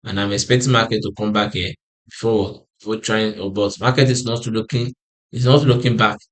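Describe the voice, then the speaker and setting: A man's voice: fairly low pitch, fairly even intonation, brisk. Tired man walking through trading charts. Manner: repetitive, restarts phrases, asks himself "what?" then answers. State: tired and yawning. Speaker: forex trading analyst. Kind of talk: screen-share chart walkthrough.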